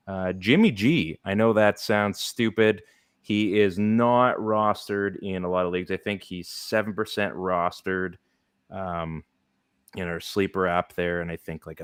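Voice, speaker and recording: A man's voice: sits low, fairly bright tone, clean tone, no room sound, clean studio sound. A man hosting a casual sports podcast, rambling along with plenty of filler words. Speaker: podcast host. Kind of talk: casual fantasy football podcast chat.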